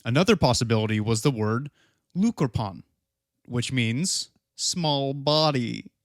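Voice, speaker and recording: A man's voice: medium pitch, expressive, measured pace, no room sound, studio quality. A man co-hosting a podcast, chatting casually with blunt, teasing jokes. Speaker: podcast co-host.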